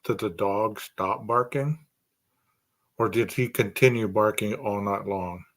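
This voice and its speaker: A man's voice: fairly low pitch, unhurried, fairly bright tone. A man hosting a true crime podcast, speculating aloud through a string of rhetorical questions.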